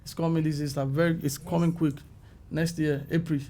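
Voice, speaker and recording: A middle-aged man with a Nigerian accent, a film makeup artist telling his story as an interview guest and acting out the voices of people calling him. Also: a little fast. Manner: animated, acts out calls and quotes with rising pitch.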